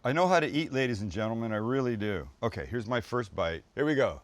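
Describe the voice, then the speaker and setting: A man's voice: mid-range voice, expressive, fast, few pauses, soft background music. A man hosting a casual cooking demonstration, chatty and jokey, talking to his crew and himself as he cooks and swearing now and then. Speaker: cooking show host. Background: food sizzling in a pan.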